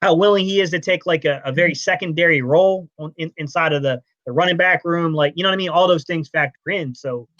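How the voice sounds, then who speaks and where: A man co-hosting a casual fan sports stream, talking in a brash, animated way. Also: fairly high pitch, quick pace, few pauses, no echo. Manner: animated, brash, says bro a lot. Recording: dull lo-fi stream audio.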